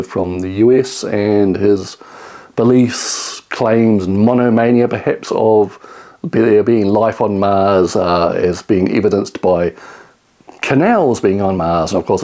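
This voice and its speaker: A man's voice: fairly low pitch, dark tone. A man casually talking through books he bought, rambling with many ums and restarts. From New Zealand. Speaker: book reviewer. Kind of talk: casual book haul talk.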